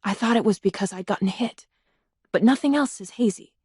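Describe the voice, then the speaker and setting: A woman voicing a tough masked female fighter with a husky voice and a blunt, guarded manner. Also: medium pitch, brisk, a little mellow, dry recording, clean studio sound. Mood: wary.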